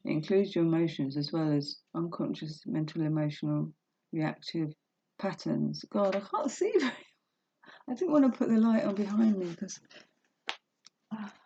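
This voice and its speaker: At a normal pace, a woman with a lowish, warm voice and a breathy edge reads a self-help book aloud in a casual vlog from her home. She's emotional and candid, with laughs and self-talk between passages, and the laptop webcam mic yields a dull, lo-fi recording.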